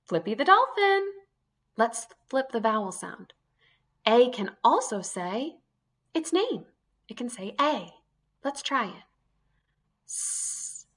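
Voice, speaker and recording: A woman teaching an early reading lesson to young children, sounding out letters one by one in an encouraging way. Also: fairly high pitch.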